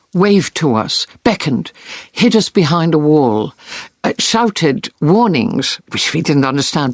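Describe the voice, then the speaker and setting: A woman's voice: low-pitched, no echo. A woman war correspondent earnestly recounting vivid experiences in an interview. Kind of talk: interview storytelling.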